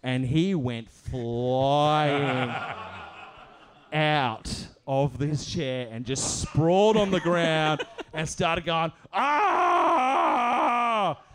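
An animated man tells a comic story live on stage, chuckling as he goes. His voice sits a little higher than most men's, and he switches into the voices of the people in his tale. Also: drawn-out words. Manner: animated, laughs through his own lines, acts out the voices in his story. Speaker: comedian telling a story on stage. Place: live theatre show.

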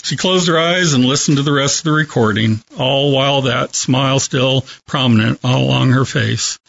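A man calmly telling a reflective story as a guest on a radio talk show. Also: mid-range voice, moderate pace, gravelly, lo-fi sound. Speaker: hospice worker telling a story.

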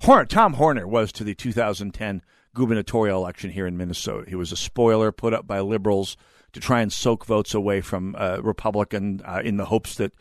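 In clean studio sound with no echo, a talk radio host in his fifties delivers a brisk, opinionated monologue in a low-leaning voice. He drifts into tangents and keeps restarting his words.

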